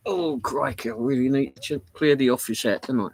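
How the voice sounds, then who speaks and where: A man's voice: mid-range voice, animated, moderate pace, creaky, few pauses, darkish tone, husky, rough recording. A man, chatting casually and rambling on a home livestream, reading out viewer comments. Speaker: livestream host. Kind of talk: casual live chat. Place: home office.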